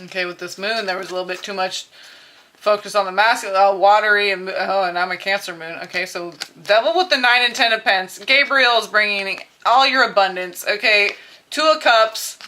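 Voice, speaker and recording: A woman reads tarot cards for her viewers in a loose, chatty way, laughing often and dropping the odd swear word. Her voice is bright and clear, sitting at an ordinary pitch for a woman. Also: brisk. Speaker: tarot reader. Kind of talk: casual spiritual tarot reading.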